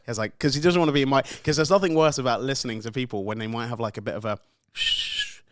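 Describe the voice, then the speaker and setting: A man's voice: mid-range voice, racing, dry recording, studio quality. A man co-hosting a casual podcast chat, joking and rambling with lots of fillers. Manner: chatty and jokey, many fillers. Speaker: podcast co-host. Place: podcast studio.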